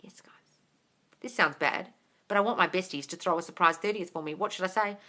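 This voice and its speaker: A manifestation coach with a lowish, bright, forceful voice speaks fairly quickly. During her live-stream Q&A she reads viewers' comments out and answers them in a bubbly style, often squealing and laughing.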